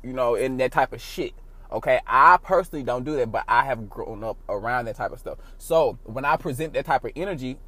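A man hosting his own podcast, talking casually in a rambling, profane way with big swings in loudness. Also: mid-range voice, brisk. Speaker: podcast host. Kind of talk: casual solo podcast monologue.

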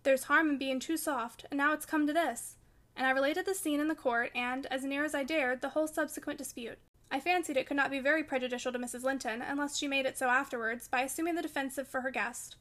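A woman narrating a classic novel in an audiobook, in a measured, expressive storytelling manner. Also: sits high.

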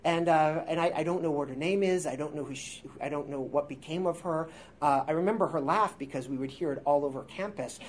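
A man in his forties with a high-pitched voice, a guest improviser telling rambling, self-deprecating stories in a casual interview before a live audience. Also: fairly quick, slight background noise. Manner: rambling, self-deprecating, with filler words and restarts. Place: theater workshop space before a live audience.

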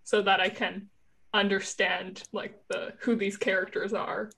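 A young woman chatting casually as a fan, hesitant and quick to laugh. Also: mid-range voice, flat delivery, creaky, a bit bright. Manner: laughing, hesitant, lots of fillers. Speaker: fan interviewee. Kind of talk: casual chat.

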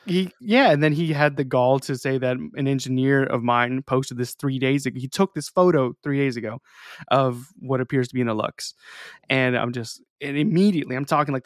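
A man's voice: medium pitch, no room sound, studio quality. A young man co-hosting a podcast, chatting casually and laughing often as he tells stories. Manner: laughs often, animated storytelling. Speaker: podcast co-host. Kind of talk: casual chat.

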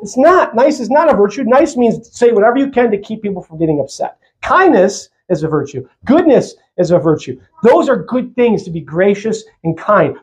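A male pastor preaching a sermon in a church, lively and conversational, with jokey asides. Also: high-pitched.

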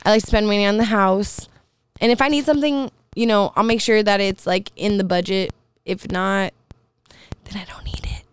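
A woman's voice: mid-range voice, steady tone, a little fast, smooth, no room sound. A young woman chatting casually as a podcast guest, laughing often and swearing freely. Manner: laughing, swearing, loose and playful. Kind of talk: casual chat.

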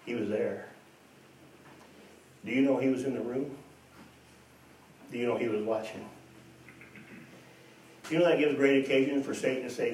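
A man with a medium-pitched, darkish voice preaches a sermon at a moderate pace, leaving long pauses. As pastor he's earnest and emphatic, posing rhetorical questions and repeating points, recorded on a distant mic in an echoey church with faint noise.

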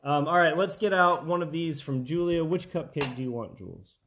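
A man's voice: a little high, lively intonation, fairly quick, noisy background. A man hosting a family baking taste test in a home kitchen, chatting casually with lots of fillers and restarts.

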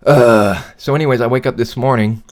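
A man in his thirties hosting a podcast from his apartment studio, telling a long profane story in a heated, animated rant, still getting over a cough. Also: medium pitch, brisk. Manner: animated ranting, swears a lot. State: recovering from a cough. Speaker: podcast host.

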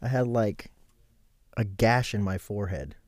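A man's voice: on the low side, expressive, unhurried, a little mellow, dry recording. A man in his thirties sits as a guest on a casual podcast, telling a long story. He swears often and acts out the lines of everyone involved. He is heard on a close, dry mic with no room sound.

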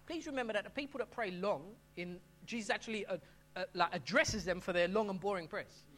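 A man's voice: sits high, brisk, a bit bright. A middle-aged man preaching a sermon as pastor, talking in a conversational way and often restarting his phrases.

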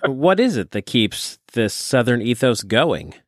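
A man's voice: medium pitch, sing-song, measured pace, no room sound, clean studio sound. A man hosting an interview, asking questions in a friendly way.

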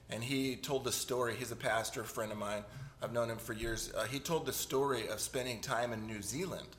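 A man's voice: mid-range voice, a bit bright. A middle-aged man, a pastor, preaching a casual sermon with jokes and frequent asides asking the congregation to agree. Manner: conversational, joking, asks "right?" often.

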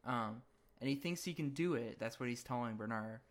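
Man, podcast co-host, casual recap, quiet and low-key. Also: a little fast.

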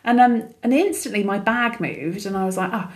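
A woman's voice: medium pitch, fairly quick. A middle-aged woman, co-hosting a podcast in casual chat and telling stories with acted-out quotes. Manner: chatty storyteller, acts out quoted dialogue. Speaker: podcast co-host.

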